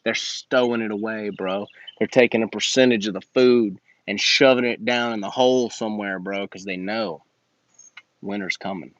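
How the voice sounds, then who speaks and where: A man's voice: on the low side, fairly even intonation, normal speed, hardly any pauses, a bit bright, dry recording, dull audio. A man hosting a casual livestream Q&A and coaching business owners in slangy, emphatic talk that repeats his points.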